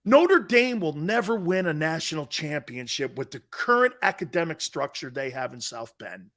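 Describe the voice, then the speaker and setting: A man's voice: on the high side, very animated, normal speed, fairly bright tone. A man from Connecticut hosting a sports talk show, blunt and mocking as he reads viewer comments and rants.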